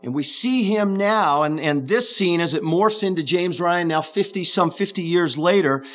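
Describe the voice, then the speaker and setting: A man's voice: high voice, normal speed, a bit bright. A man preaching a sermon, earnestly retelling a film scene as an illustration.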